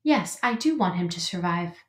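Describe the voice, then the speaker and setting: A woman voicing a polite, literal female robot in a storybook read-aloud, speaking in a flat, formal, careful way. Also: fairly low pitch, moderate pace, close to an everyday voice. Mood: plain. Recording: roomy echo.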